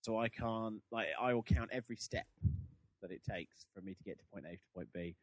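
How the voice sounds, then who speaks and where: In a casual podcast, the young male host talks briskly, meandering and self-deprecating as he chats. The recording is close and very dry with no room sound, and his voice sits low.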